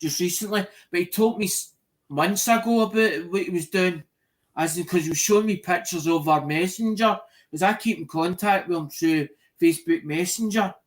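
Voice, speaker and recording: Rambling higher-voiced man. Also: moderate pace. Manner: rambling, repeats himself. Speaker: chat participant. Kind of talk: casual group chat.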